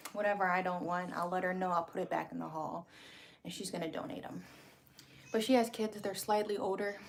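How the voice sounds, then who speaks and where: In a home craft vlog, a woman who runs a small shop chats casually, rambling along with plenty of fillers and restarts. Her voice sits at medium pitch, with a slight hiss or hum in the recording.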